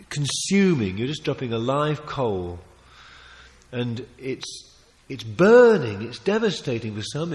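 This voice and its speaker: A man preaching a sermon, emphatic and animated, often restarting his phrases and adding asides. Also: mid-range voice. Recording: long reverb of a large hall.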